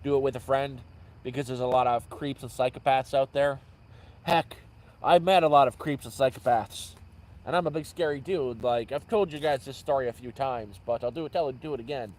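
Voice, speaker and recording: On a rough recording, a man with a mid-range, darkish voice speaks a little fast. Vlogging at night from an outdoor camp, he rambles through stories in a casual livestream, frequently correcting himself partway through sentences.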